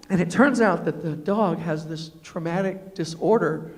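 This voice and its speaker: A man's voice: fairly high pitch, normal speed. A man giving a humorous storytelling speech at a university, punchy and emphatic, acting out the lines he quotes. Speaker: storyteller and motivational speaker. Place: university lecture hall. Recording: echoey hall, long reverb.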